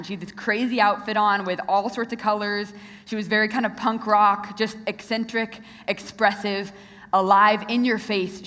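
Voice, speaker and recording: A woman's voice: mid-range voice, a bit bright. A young woman giving an earnest talk to a youth audience, speaking directly and often asking the crowd questions. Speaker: Christian speaker. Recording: long reverb of a large hall.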